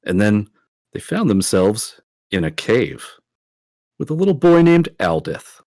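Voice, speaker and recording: A man playing his character in a tabletop game, relaxed and storytelling. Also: on the low side, a little slow, no room sound, clean studio sound. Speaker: player. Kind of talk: tabletop role-play.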